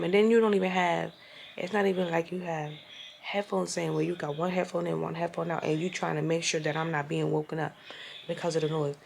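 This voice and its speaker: Exasperated young woman with a gravelly voice. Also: fairly low pitch, normal speed, long pauses, slight background noise. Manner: exasperated, profane, animated retelling. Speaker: vlogger. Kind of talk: casual storytime rant.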